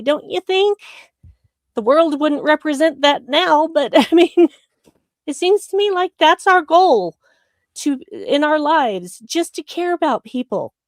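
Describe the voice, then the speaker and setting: A woman's voice: high voice, lively intonation, takes it slowly, no echo. Casting note: sincere woman co-host on a webcam, dry close sound. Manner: candid, heartfelt, earnest. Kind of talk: casual chat.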